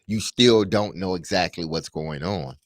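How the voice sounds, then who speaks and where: A low-pitched man weighing his words on sports talk radio, pausing often with "um". His voice is deep for a man. It is close and dry on a studio mic. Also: no echo. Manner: measured, hesitant, with frequent "um"s. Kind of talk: radio talk show discussion.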